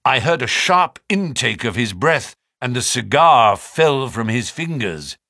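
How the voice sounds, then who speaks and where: Man narrating an audiobook, lively. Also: medium pitch, measured pace, no echo, studio quality. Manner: expressive, lively storytelling.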